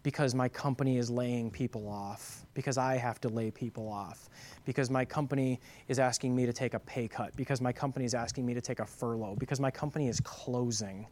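A man giving a sermon as a pastor, moving from quiet reflection to loud, emphatic preaching full of rhetorical questions. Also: medium pitch, steady tone, fairly quick.

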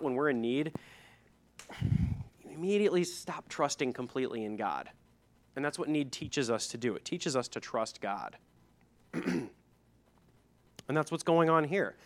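A middle-aged man, preaching a sermon in a conversational way, reading scripture and adding asides. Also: medium pitch. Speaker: pastor.

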